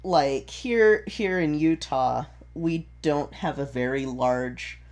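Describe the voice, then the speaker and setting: A man talking through theatre trivia in a relaxed, explanatory podcast chat. He rambles a little, backs up to restart his sentences, and fills pauses with ums. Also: a little high. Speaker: podcast co-host, theatre performer. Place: home recording setup in Utah.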